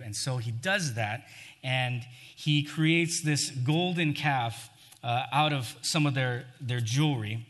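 Male preacher, casual conversational sermon, bright voice, hall reverb. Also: mid-range voice, slow pace. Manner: conversational, acts out scripture quotes.

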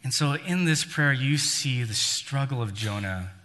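A man's voice: mid-range voice, expressive, unhurried, bright, forceful tone. A man preaching a sermon, telling a story and acting out the lines he quotes with emphasis that rises and falls. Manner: storytelling, voices quoted figures with rising and falling emphasis. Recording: long hall reverb.

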